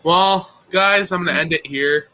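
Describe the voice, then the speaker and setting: A man's voice: high-pitched, unhurried, bright, forceful tone. A young man hosting a podcast in laid-back, slangy casual chat, laughing often. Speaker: podcast host.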